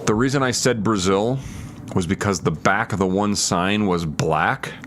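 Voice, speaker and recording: Deep-voiced man chatting on a live stream. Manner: thinks aloud, hedging and restarting; reads viewer comments and replies. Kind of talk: casual live-stream chat while gaming.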